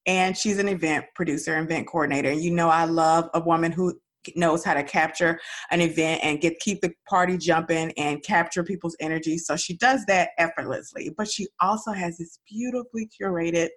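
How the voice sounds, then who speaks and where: A woman's voice: fairly low pitch, steady tone, fairly quick. A woman with a Southern Dallas accent hosting a podcast, talking in an upbeat, chatty way. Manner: upbeat, chatty, lots of y'all and girl. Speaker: podcast host. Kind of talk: casual podcast chat.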